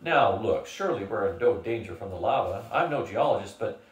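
A man's voice: lowish voice, animated, brisk, dull audio, close to an everyday voice. An older man voicing a bold, bearded adventurer with a hearty, easygoing manner. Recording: roomy, from a distance.

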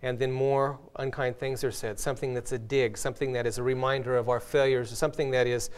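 A man's voice: medium pitch, level tone, fairly quick, smooth. Earnest male host telling illustrations. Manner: earnest storyteller, tells illustrations with light laughs. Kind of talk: casual spiritual discussion.

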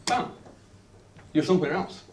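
A Scottish man from Glasgow, in his fifties, delivers an animated talk at a tasting event, full of restarts and asides. He is heard from a distant camera in a roomy indoor space, with faint noise behind him. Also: on the high side, a little slow. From Scotland (Glasgow). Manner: animated storyteller, lots of "you know", frequent restarts. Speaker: whisky writer giving a talk. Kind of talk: lively presentation to a live audience. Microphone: filmed by a distant camera in the audience.

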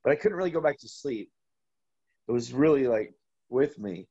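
A man telling a long, rambling story as an interview guest, halting and full of restarts. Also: medium pitch, animated, a little mellow, slightly rough, no room sound, highs cut off. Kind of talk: casual storytelling.

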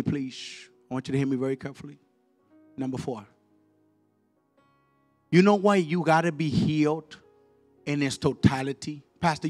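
A male evangelist preaching a fiery sermon in a church, leading call-and-response and swinging from quiet words to shouted, repeated lines. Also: fairly high pitch. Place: church sanctuary. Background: faint music from the musicians.

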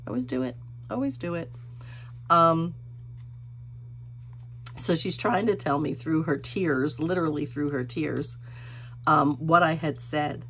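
A woman's voice: sits low, measured pace, long pauses, a bit bright, slight background noise. A middle-aged woman hosting a crafting video, telling a rambling personal story while she works, laughing often. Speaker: crafting channel host.

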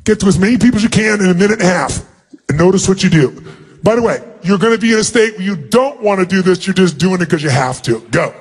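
A man leading a big seminar, loud and commanding, acting out quick little scenes for a large audience in an arena. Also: high-pitched, animated, husky. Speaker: motivational speaker.

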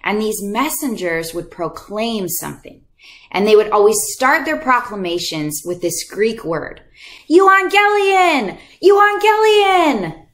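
A woman's voice: medium pitch, lively intonation, unhurried. A woman leading a children's Bible lesson, talking animatedly and acting out voices for the kids. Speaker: children's ministry teacher. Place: church video lesson.

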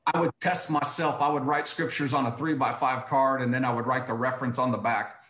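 A man's voice: medium pitch, steady tone, fairly quick, a bit bright, echoey room. A man telling his personal testimony as a guest, emphatic and repetitive, often saying "I said".

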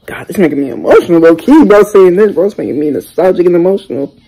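A young man hosting a reaction video, talking casually and excitedly in slang, exclaiming and chatting as he watches. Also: high voice, fast talker, slightly rough, rough recording. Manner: exclamatory, slangy, keeps saying "bro".

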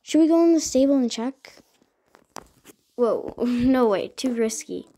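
Warm-toned and a little high, her animated voice takes its time as she role-plays a murder mystery with toy horses. She switches among chatty, whispering and accusing voices for the different characters.

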